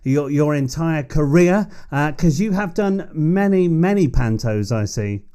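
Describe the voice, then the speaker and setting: A man hosting a live online chat show, relaxed and full of fillers. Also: fairly high pitch, unhurried, clear, resonant tone. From England. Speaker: host.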